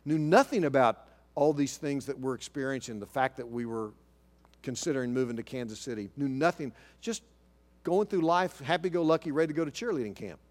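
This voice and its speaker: A middle-aged man from Oklahoma preaching, telling a story with lively delivery and dropping to a hushed voice when quoting others. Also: medium pitch, a little fast. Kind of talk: sermon storytelling.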